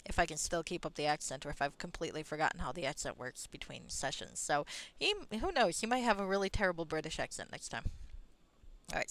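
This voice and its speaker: A woman streamer chats her way through a role-playing game, swearing freely and amused at her own jokes. Her voice is fairly low but swings widely in pitch. She sits close to the microphone. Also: fairly bright tone. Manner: chatty, swearing, self-amused. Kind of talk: casual gameplay commentary.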